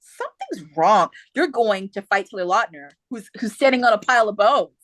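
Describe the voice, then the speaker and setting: A young adult woman hosting a podcast, chatting in a lively way, laughing often and acting out the book's characters in quick voices. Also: medium pitch, dry recording. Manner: animated retelling with many voices, laughing often. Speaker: podcast host. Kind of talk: casual chat.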